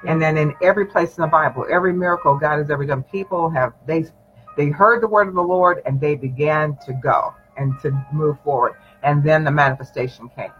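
A man's voice: a little high, a little fast. A man, a pastor, preaching encouragement in a prayer session with emphatic affirmations. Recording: dull lo-fi sound with faint music.

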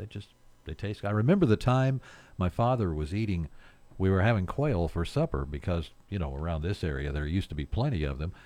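A very deep-voiced man hosts a local morning radio show from the studio. He talks in a folksy, rambling way, reading community notices and drifting into jokes and chuckles. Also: dark tone, dry recording. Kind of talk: casual radio chat.

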